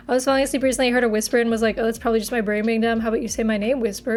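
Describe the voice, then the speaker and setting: A young woman with a northern US accent chats on a livestream, her fairly high voice bright with giggles as she banters with viewers. She talks into a desk mic with faint music underneath. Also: fairly even intonation, rapid-fire, few pauses. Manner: chatty, giggly, answers viewer chat playfully. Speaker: streamer. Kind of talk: casual livestream chat. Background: faint background music.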